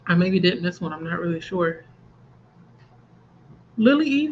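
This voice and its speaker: A woman's voice: on the low side, expressive, measured pace, darkish tone, dull audio, a little hiss or hum. Chatty woman livestreaming a reading sprint. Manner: chatty, reads viewer comments aloud, laughs often. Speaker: book channel host running a reading sprint livestream. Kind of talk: casual livestream chat.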